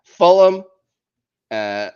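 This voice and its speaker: This podcast host has a high-sitting, clean voice and speaks extremely slowly. Joking and lively, he reads the week's football fixtures in a casual chat, captured in muffled lo-fi audio.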